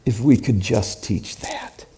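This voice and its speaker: A man's voice: mid-range voice, slow. Man preaching a dramatic sermon story. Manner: dramatic, rising to loud emphasis.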